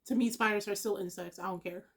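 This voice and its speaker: A woman's voice: mid-range voice, steady tone, fast talker, a bit bright. A woman hosting an anime reaction video, emotional and talking back to the characters on screen in casual commentary.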